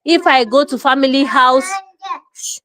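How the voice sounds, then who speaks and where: A Nigerian woman lectures with a raised, emphatic delivery. Her voice sits a little high for a woman. She slips into Pidgin and plays out small scenes in quoted voices. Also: a little slow. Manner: forceful, lecturing, mixes in Pidgin. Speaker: show host. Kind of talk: opinionated commentary.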